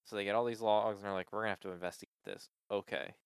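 A man's voice: fairly low pitch, steady tone, racing, clear, resonant tone, no room sound, clean studio sound. A man in casual chat, venting with exasperation about a support call, swearing often and filling with "like".

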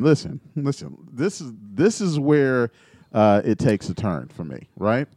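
A man's voice: mid-range voice, expressive, slow, darkish tone, no room sound, clean studio sound. A man co-hosting a casual chat show, reading posts aloud with joking asides. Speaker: podcast co-host.

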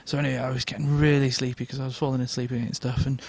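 A man on a podcast telling a long, funny story in a casual, animated way and laughing as he goes. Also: medium pitch, racing, vocal fry. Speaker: podcast co-host.

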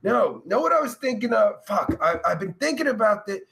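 A creaky, high voice with big pitch swings and a slightly fast pace belongs to a podcast host with a stuffy nose. He reads viewer comments in crude, casual chat, joking and swearing all the way, loudly shifting from shouts to mumbles.

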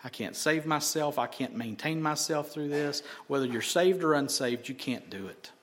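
A male pastor preaching a sermon and closing in prayer, rising loud on key phrases and dropping to a whisper. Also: a little high, expressive, normal speed, a little hiss or hum.

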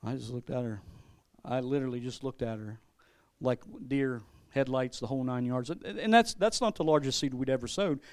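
A man's voice: medium pitch, fairly quick. A man pastor giving a sermon with a personal testimony, talking in a loose, conversational way and often repeating his words. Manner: conversational, repeats words, laughs, acts out quotes.

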